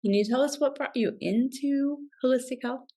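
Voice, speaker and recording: A woman's voice: sits high, normal speed, mellow, husky. A woman hosting an interview show, upbeat and welcoming as she asks her guest questions over a video call. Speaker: podcast host. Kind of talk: casual interview chat.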